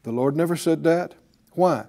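A man's voice: on the high side, normal speed, dark tone. A man preaching a sermon as pastor, drawing responses from the congregation with rhetorical questions and repeated key phrases.

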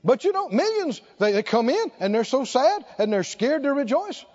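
A man's voice: very high-pitched, very animated, moderate pace, darkish tone, highs cut off. A man preaching a sermon, emphatic and exclaiming, repeating short phrases for effect.

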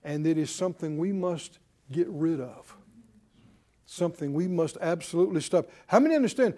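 A man's voice: fairly high pitch, animated, normal speed, warm tone. A man preacher delivering a sermon, exhorting his congregation with rhetorical questions and often repeating words as he starts a phrase.

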